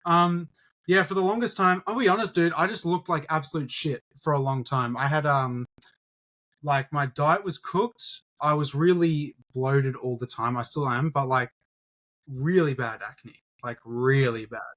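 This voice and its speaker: A young man chatting on a podcast, his voice sitting a little high for a man. He talks in a relaxed, loose way, swearing freely and throwing in "dude" and "bro" as he goes. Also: measured pace. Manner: laid-back, swears a lot, says dude and bro. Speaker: podcast co-host, YouTuber. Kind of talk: casual podcast chat.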